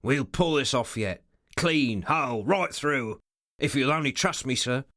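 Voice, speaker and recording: A man voicing a rough, scheming male henchman who talks coarsely and in loud bursts. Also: mid-range voice, lively intonation, a little slow, dry recording, studio quality. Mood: confident.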